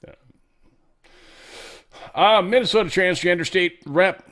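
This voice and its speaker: A man's voice: medium pitch, expressive, moderate pace, fairly bright tone. A man hosting an online commentary show, rambling and joking as he reacts to news clips, trailing off and laughing at himself. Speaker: show host.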